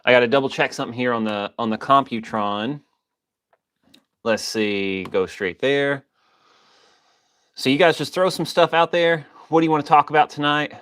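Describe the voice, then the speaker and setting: A man hosts a laid-back livestream, reading chat, joking around and greeting viewers by name while coughing a little with a slight wheeze. His mid-range voice is fairly bright and clean, moving at a moderate pace with frequent pauses.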